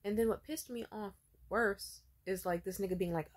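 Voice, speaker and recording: A woman's voice: medium pitch, moderate pace, husky. A young woman talking in a rambling, profane, casual monologue full of filler words. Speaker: vlogger.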